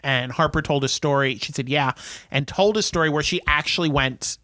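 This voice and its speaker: A man's voice: a little high, a little fast, bright, forceful tone, dry recording. A man co-hosting a podcast, casually retelling a film with many fillers and acted-out quotes. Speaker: podcast co-host. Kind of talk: casual chat recapping a film.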